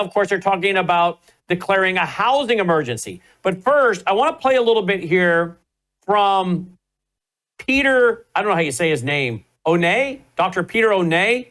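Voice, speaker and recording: Emphatic high-voiced male talk host. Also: fairly bright tone, low-quality recording. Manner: emphatic, talks to viewers as folks. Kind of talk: talk show monologue.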